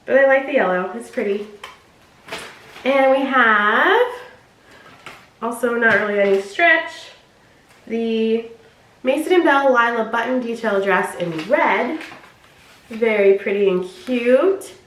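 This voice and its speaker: Chatty woman unboxing clothes, kinda high voice, echoey room w/ a little hiss. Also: animated, slow, long pauses. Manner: chatty, drops low and quiet on asides. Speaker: vlogger. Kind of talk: casual unboxing chat. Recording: echoey room with faint noise.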